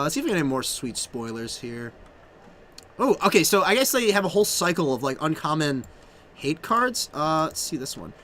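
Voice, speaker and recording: A man co-hosting a casual card game stream, rambling and excitable with lots of fillers. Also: fairly high pitch, slight background noise. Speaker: stream co-host. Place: game store.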